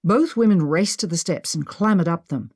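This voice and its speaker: A woman reading an adventure audiobook as narrator, with expressive storytelling. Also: fairly low pitch, normal speed, husky, dry recording, studio quality.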